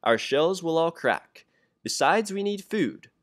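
A man's voice: on the high side, sing-song, takes it slowly, fairly bright tone, voice pushed up, heavily acted. A young man voicing a plain, meek little male turtle who pleads and groans in a storybook reading. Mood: pleading. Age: young adult.

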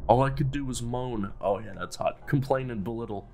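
A man's voice: mid-range voice, a little fast, a little mellow, faint music behind. A man commentating casually on a horror game, reading its dialogue aloud and joking with lots of swearing. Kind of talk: casual let's play commentary.

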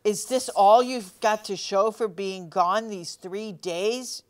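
A sharp-tongued wife at the end of her patience scolds from a storybook, slow and pointed, as a woman reads her lines. The voice sits low and stays smooth and clear. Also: lightly acted. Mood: scolding.

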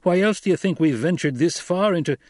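A wary veteran warrior protests urgently in a louder, high-pushed voice, as a male narrator puts him on. The audiobook recording is dry and close. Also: animated, a little fast, no echo, lightly acted. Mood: protesting.

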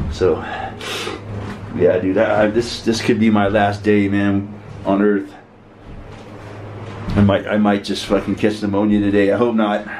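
A man's voice: fairly low pitch, a little mellow. Sick, grumbling man in an echoey room. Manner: rambling, profane, complaining. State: sick with flu and sore throat. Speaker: vlogger. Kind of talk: casual monologue to camera. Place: cold room with frozen windows. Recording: roomy echo with faint noise.

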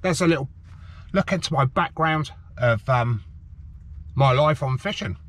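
A man's voice: mid-range voice, a little slow, a bit bright. A middle-aged man from the Cotswolds chatting outdoors to his fishing channel viewers, rambling and calling them "guys", his speech thickened by a sweet in his mouth. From England, the Cotswolds. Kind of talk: casual vlog chat to viewers. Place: outdoors on the shore of a harbour, light rain. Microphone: camera on a tripod.

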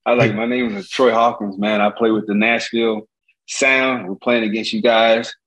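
A middle-aged man from Indiana telling a story as an interview guest, acting out the voices in it with big jumps in pitch. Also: normal speed, low-quality recording. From Gary, Indiana. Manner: lively storyteller, acts out quotes with jumps in pitch. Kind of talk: animated storytelling.

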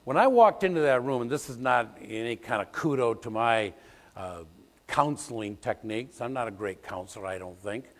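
An older man, a pastor, preaching a sermon, telling stories and breaking into loud snippets of old songs. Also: mid-range voice, normal speed. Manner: storytelling, animated, bursts into loud sung song snippets. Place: church sanctuary. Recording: long church hall reverb.

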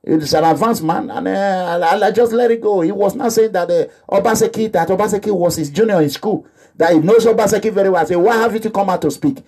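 Talking fast in a voice that sits high, a little mellow with a breathy edge, this Nigerian-accented activist vlogger delivers an animated, impassioned monologue. He repeats himself often and drifts into pidgin phrases.

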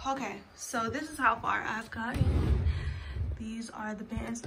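A young woman talks to her viewers from her bedroom in loose, slangy chatter. Her voice sits somewhat high for a woman. The recording carries steady background noise and clicks. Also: normal speed. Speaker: vlogger. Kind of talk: casual chat to camera.

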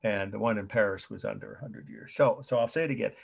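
Husky rambling male art lecturer. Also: on the low side, fast talker. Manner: rambling, repeats points, thinks aloud with fillers. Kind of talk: college lecture.

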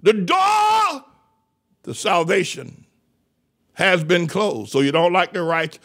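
An older male pastor preaches a fiery, mocking sermon in a high, gravelly voice. He shouts his points and hammers the same phrases again and again. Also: a little slow. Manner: shouting, mocking, repeating phrases with sudden laughs. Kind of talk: fiery street-style sermon.

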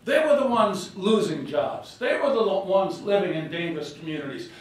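A man's voice: high-pitched, normal speed, far from the mic. Older man giving an echoey ballroom speech. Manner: storytelling, animated, acts out quotes. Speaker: former governor giving a speech. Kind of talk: political speech with anecdotes. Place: hotel ballroom reception.

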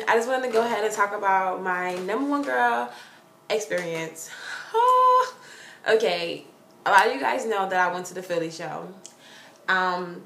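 A young woman vlogging from her corner at home, telling a story in a gushing, excitable way with lots of "like". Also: medium pitch. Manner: excitable, gushing, heavy use of "like". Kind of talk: casual storytelling vlog. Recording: roomy sound with faint hiss.

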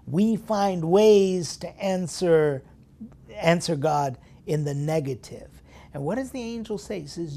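A man preaching a sermon as a priest, putting strong stresses on key words, dropping into hushed whispered asides and asking his listeners questions. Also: high-pitched, lively intonation, unhurried, vocal fry. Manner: emphatic, swinging between loud stresses and hushed whispered asides; talks straight to listeners with rhetorical questions. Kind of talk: sermon meditation broadcast.

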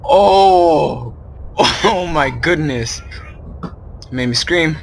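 A man's voice: on the high side, animated, drawn-out words, gravelly, a little hiss or hum. Jittery man narrating a horror game. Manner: nervous, rambling with many ums, jumpy. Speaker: gaming video host. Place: at home with his brother nearby.

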